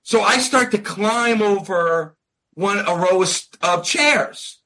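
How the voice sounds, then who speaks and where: A man's voice: high-pitched, slow. A man on a podcast telling a rambling anecdote in casual chat, acting out the quoted dialogue. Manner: animated anecdote-teller, acts out quoted dialogue. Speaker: podcast co-host or guest. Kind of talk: casual storytelling.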